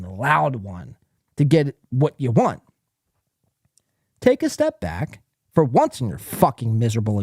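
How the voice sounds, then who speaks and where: A man's voice: a little high, a little mellow, dry recording, studio quality. A man hosting a live podcast, reading chat comments aloud and ranting at a viewer in a profane, confrontational, taunting way. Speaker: podcast host.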